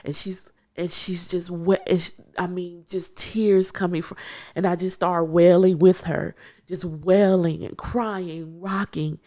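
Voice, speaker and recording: A woman guest telling a personal story in an animated, emphatic way, repeating phrases for effect. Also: lowish voice, a little slow. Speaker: podcast guest.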